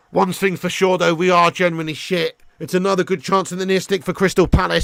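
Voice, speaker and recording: Sweary bloke ranting through a match stream, high and gravelly, dry close mic. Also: male voice, flat delivery, normal speed, pauses often, no room sound. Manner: sweary, ranting, banters with the chat; shouts at chances on goal. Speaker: fan channel host. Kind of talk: live match watch-along commentary.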